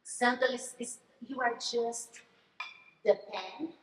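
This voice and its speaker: A woman's voice: fairly high pitch, takes it slowly, fairly bright tone. A woman in the audience asking thoughtful questions. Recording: roomy hall.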